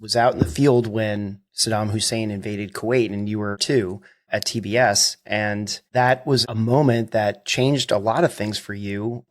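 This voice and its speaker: A man's voice: lowish voice, vocal fry. A man hosting a podcast, clarifying points for listeners and prompting his guest. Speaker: podcast host, interviewer. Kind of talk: interview questions.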